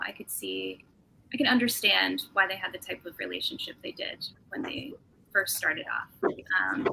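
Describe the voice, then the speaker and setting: A woman podcast guest with a bright, gravelly voice and a lively melody. She speaks earnestly and warmly enthusiastic, in casual talk. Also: mid-range voice, slight background noise, low-quality recording. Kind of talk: casual discussion.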